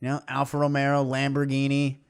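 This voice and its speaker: A man's voice: mid-range voice, monotone, brisk, clean tone. A man from the United States co-hosting a podcast, joking and sarcastic, swearing often in casual banter. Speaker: podcast co-host.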